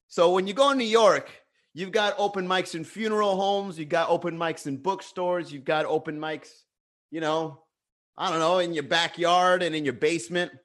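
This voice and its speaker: A man's voice: high-pitched, steady tone, moderate pace, a bit bright. A man chatting casually on a livestream, reading the chat and joking with a lot of profanity. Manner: profane, joking, laughs often.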